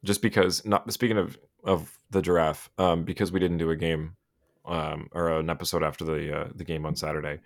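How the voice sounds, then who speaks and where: A man hosting a podcast speaks in a very low register and tells game stories with animated energy. He acts out players' reactions in high, mocking voices. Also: a little fast, creaky. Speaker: podcast host. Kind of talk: casual hockey podcast chat.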